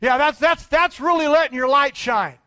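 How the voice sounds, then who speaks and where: Man, pastor, sermon, very high voice, bright and forceful, dramatic shifts between shouting and hushed tones. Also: normal speed.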